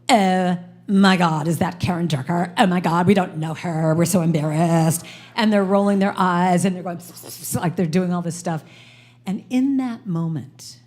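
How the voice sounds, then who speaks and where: An American woman speaks to a live congregation in a spiritual center. She tells a personal story with lively energy, acting out the voices of the people in it. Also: mid-range voice. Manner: animated, acts out voices in her story. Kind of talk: storytelling sermon. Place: church sanctuary before a live congregation.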